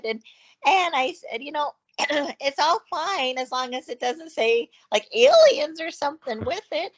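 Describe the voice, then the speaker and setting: A fairly high-voiced woman tells her ranch stories in a rush of ums and excited asides. She sounds like a guest on a call, and the audio is dull and lo-fi. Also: unhurried, gravelly. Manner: chatty, excitable storyteller with many fillers. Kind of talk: casual chat.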